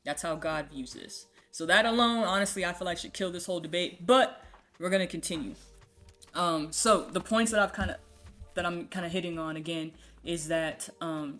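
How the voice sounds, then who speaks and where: A woman's voice: sits low, a bit bright. A woman giving a casual Bible teaching from home, talking conversationally and checking in with "right?". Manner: conversational, frequent "um" and "right?" tags. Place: home with a puppy nearby.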